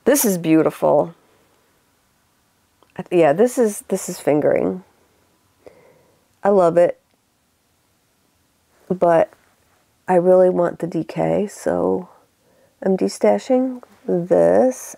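A middle-aged woman with an upstate New York accent hosts a relaxed, chatty knitting show from home. Her fairly low voice has a gravelly edge, and she talks slowly and unhurriedly. She laughs often and drifts into asides, recorded close and dry with no room sound. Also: no room sound. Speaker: knitting podcast host. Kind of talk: casual show-and-tell chat.

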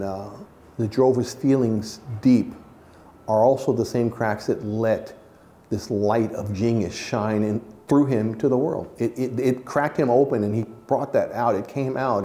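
A man's voice: medium pitch, dark tone. A man, a jazz musician, recalling memories in an earnest, reflective way during an interview. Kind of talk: storytelling interview.

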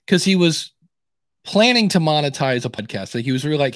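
A man's voice: a little high, lively intonation, a little fast, a bit bright, dry recording, studio quality. A middle-aged American man co-hosting a podcast, telling rambling stories and acting out the dialogue he quotes. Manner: rambling storyteller who acts out quoted dialogue. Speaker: podcast co-host. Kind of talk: casual podcast chat.

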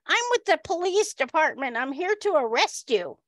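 A woman voicing a burly man whose voice is surprisingly high and squeaky. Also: sing-song, moderate pace, a bit bright, dry recording, clean studio sound. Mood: polite.

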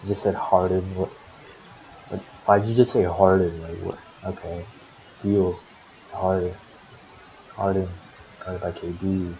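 A man's voice: low-pitched, fairly even intonation, a little slow, pauses often, warm tone, slight background noise. A man casually calling the play-by-play of a simulated basketball game for his own team, swearing often and grumbling at his players. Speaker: team manager commentating a basketball sim league. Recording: dull lo-fi recording.

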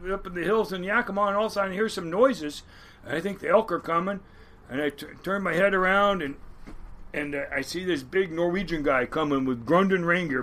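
A middle-aged man from Washington State, a crab boat captain telling stories in a casual interview, animated, swearing freely and restarting often. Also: sits high.

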